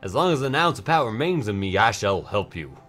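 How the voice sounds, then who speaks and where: A man's voice: on the low side, sing-song, fast talker, fairly bright tone, soft background music. A man voicing a solemn old man mentor in a grave, theatrical tone.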